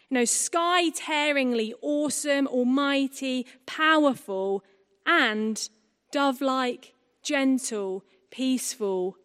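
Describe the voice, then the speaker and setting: Lively woman preaching in a reverberant hall. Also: on the high side. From England. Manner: lively, conversational, with asides and humor. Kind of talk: sermon at a baptism service. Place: church hall.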